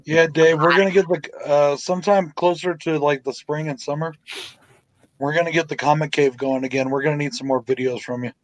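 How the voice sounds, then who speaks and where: A man's voice: a little high, fairly even intonation, a little fast, dry recording, rough recording. A man co-hosting a podcast, rambling casually and swearing while he hunts for names. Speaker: podcast co-host. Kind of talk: casual chat.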